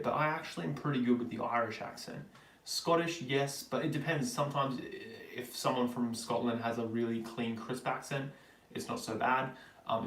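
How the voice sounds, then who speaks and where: An Australian man chats casually through a live question-and-answer stream, reading each viewer question aloud before rambling into an answer full of ums. His voice sits at an ordinary middle pitch. The sound is roomy, picked up from a mic a little way off. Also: recorded from a distance. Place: home in Germany.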